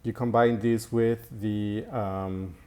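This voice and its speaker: A man talks through an Italian grammar lesson slowly and unhurriedly, stopping often with fillers and repeating himself. His voice sits fairly low. The steady click of typing runs faintly behind him. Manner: slow and halting, with many fillers and repetitions. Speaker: Italian teacher. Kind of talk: recorded language lesson.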